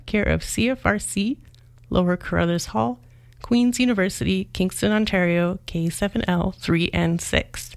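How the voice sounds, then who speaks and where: A woman's voice: lowish voice, creaky, dry recording. A woman with a Canadian accent hosting a community radio show, speaking plainly and unhurriedly with small fillers. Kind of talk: casual radio announcing. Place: campus radio studio.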